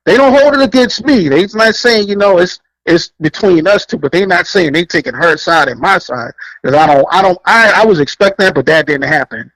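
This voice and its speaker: A man's voice: fairly quick, hardly any pauses, no room sound, poor audio. A man, telling blunt, profane stories in a casual chat and acting out the people in them. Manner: animated storyteller, acts out quotes in higher voice; blunt, profane, laughs often. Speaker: podcast co-host.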